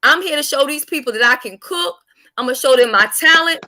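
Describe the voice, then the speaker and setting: A woman hosting a casual live-stream chat, blunt, profane and animated. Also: high voice, fast. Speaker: livestream host.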